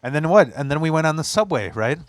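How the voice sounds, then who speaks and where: A man's voice: a little high, expressive, quick pace, no room sound, studio quality. A man hosting a casual podcast chat in a basement, telling a rambling story with laughs, swearing and teasing his friend. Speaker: podcast host.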